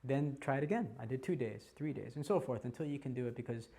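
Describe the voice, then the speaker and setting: A man in his forties teaching a class by telling his own story, animated and laughing often. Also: mid-range voice, quick pace, creaky. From United States. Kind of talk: personal storytelling talk.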